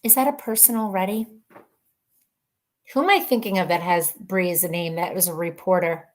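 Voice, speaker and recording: A woman hosting a casual live stream, reading viewer comments aloud in a chatty, rambling way, laughing often and thinking out loud. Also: lowish voice, normal speed. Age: adult mother of children.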